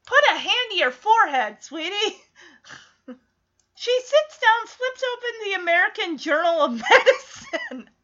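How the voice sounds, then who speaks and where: A woman's voice: very high voice, huge pitch swings, a little slow, bright, forceful tone. A woman giving casual, sarcastic running commentary while watching a film, laughing often. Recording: slightly dull lo-fi audio.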